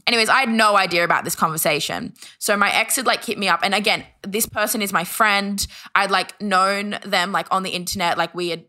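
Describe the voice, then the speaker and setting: A woman's voice: mid-range voice, brisk, hardly any pauses, sharp tone. A woman telling a personal story in casual chat as a podcast guest, talking in a chatty way and filling her phrases with "like". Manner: chatty, fills every phrase with "like", acts out quoted voices.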